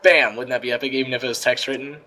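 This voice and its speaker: A man hosting a casual gaming roundtable, talking with excitable enthusiasm. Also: medium pitch, racing, a little hiss or hum, poor audio.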